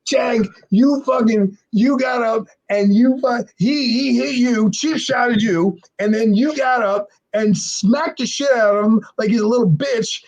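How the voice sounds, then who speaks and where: A man voicing a boisterous, profane fellow wrestler who shouts through his laughter at a barroom brawl. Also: very high-pitched, unhurried, few pauses, dull audio, voice pushed up, full character voice. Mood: howling delight.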